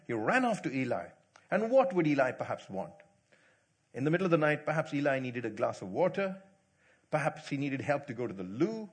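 A middle-aged male pastor preaches in a somewhat raised, husky voice. He retells a Bible story in a storytelling way, stacking repeated phrases and briefly acting out the characters' lines. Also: fairly high pitch. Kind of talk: sermon.

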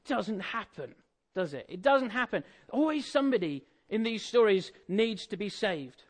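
High-voiced man preaching. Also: big pitch swings, moderate pace. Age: adult, married. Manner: conversational, jokey, asks the audience questions. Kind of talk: sermon.

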